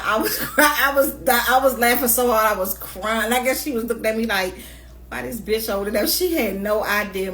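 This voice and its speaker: A woman vlogging in a casual rant, moving from quiet, hushed asides to loud, laughing storytelling. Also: medium pitch, slight background noise.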